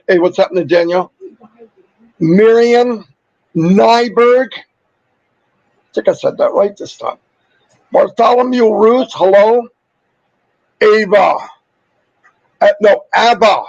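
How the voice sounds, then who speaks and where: A man hosting a casual livestream, upbeat and chatty, rattling off viewer shout-outs while losing his voice. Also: high-pitched, dry recording, lo-fi sound. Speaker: livestream host.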